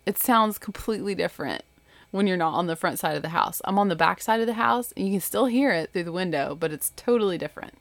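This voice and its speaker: A woman's voice: mid-range voice, creaky, no echo. A woman in her thirties telling a story from her bedroom at home, chatty and rambling, with lots of asides. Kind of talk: casual storytelling.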